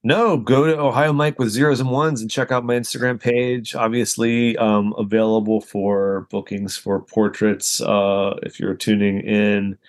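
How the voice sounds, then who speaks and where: Guest artist, male, low voice, halting conversational delivery. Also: little pitch movement. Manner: hesitant, many "uh" and "you know". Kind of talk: casual interview chat.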